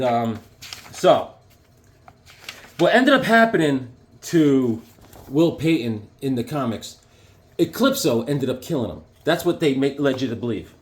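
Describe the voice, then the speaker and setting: Excitable man rambling about his comics. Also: on the high side. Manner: excited, rambling, with frequent fillers and restarts. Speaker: comic book collector reviewing issues. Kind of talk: casual show-and-tell vlog.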